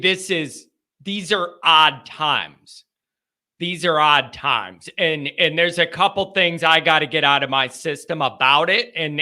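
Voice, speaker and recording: A man's voice: a little high, bright, forceful tone. A man hosting a casual fan call-in stream, chatty and rambling, sounding worn out and exasperated. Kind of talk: casual fan talk show.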